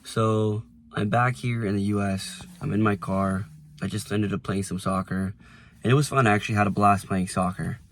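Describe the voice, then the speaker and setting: A man's voice: fairly low pitch, fairly even intonation, moderate pace, a little hiss or hum. Rambling young man vlogging from his car. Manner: rambling, lots of "like" and restarts, softens when emotional. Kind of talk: casual reflective vlog. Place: inside a parked car.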